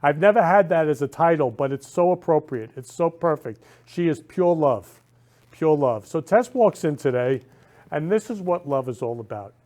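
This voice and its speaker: A man's voice: fairly high pitch, lively intonation, normal speed, darkish tone. Effusive, gushing male talk show host. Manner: effusive, repeats "love" and "I love you" constantly; rambling with frequent restarts. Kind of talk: casual heartfelt talk show chat.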